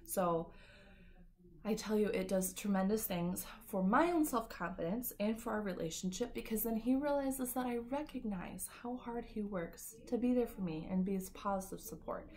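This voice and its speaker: A woman's voice: medium pitch, normal speed, a little mellow. A woman working as a beauty industry coach, giving a casual, upbeat talk to camera with lots of "like" and "kinda". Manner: chatty and upbeat, full of "like" and "kinda".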